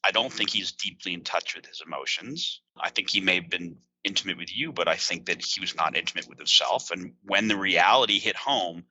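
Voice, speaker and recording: A man's voice: low voice, fairly quick, hardly any pauses, pushed and bright, poor audio. A man speaking earnestly and reflectively as a podcast guest, talking openly about his feelings. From United States. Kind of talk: candid conversation.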